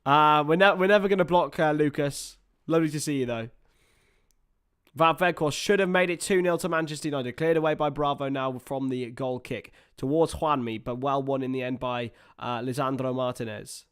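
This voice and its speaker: A man's voice: a little high, brisk, fairly bright tone, smooth. A young man giving chatty live play-by-play of a football match for his stream viewers, with asides to them. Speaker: livestream watchalong commentator. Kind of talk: live football watchalong commentary.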